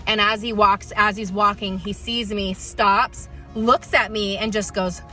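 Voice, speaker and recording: A woman's voice: medium pitch, steady tone, measured pace, few pauses, pushed and bright, soft background music. A woman dog trainer in a casual vlog, chatting and retelling stories with lots of ums.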